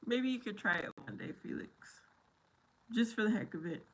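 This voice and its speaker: A woman's voice: mid-range voice, lively intonation, normal speed. A woman hosting a casual live chat, talking to her viewers by name, playful and laughing often. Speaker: livestream host.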